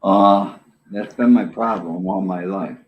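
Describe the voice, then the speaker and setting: Here the older New Yorker's voice sits low and unhurried as he, an interview guest, shares a tale in easygoing talk, voicing the quoted lines of its people with animation. The recording is dull lo-fi.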